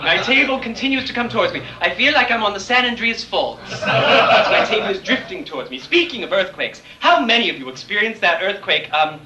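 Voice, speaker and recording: A man's voice: high voice, lively intonation, a little fast, heavy background noise. A man performing a grand, catty drag lady persona, hosting live comedy before a theatre audience in a campy, mock-refined manner. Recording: fuzzy 1980s VHS air check, roomy and distant.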